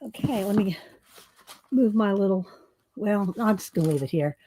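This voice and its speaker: A woman's voice: medium pitch, lively intonation, normal speed, mellow, husky. A woman chatting casually on a livestream, short of breath and exclaiming as she reads viewer comments. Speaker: livestream host.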